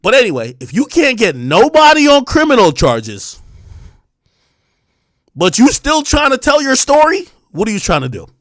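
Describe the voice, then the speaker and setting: A man's voice: very high voice, huge pitch swings, normal speed, a bit bright, no echo, studio quality. A man in his thirties hosting a livestream, talking straight to his chat in an emphatic, repetitive and defiant way with plenty of profanity. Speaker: streamer host.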